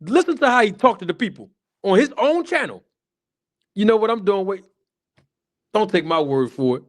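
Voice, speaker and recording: Male streamer, high-pitched, repetitive conversational commentary aimed at chat. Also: very animated, moderate pace. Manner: chatty, repetitive, addresses chat viewers. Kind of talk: casual livestream commentary.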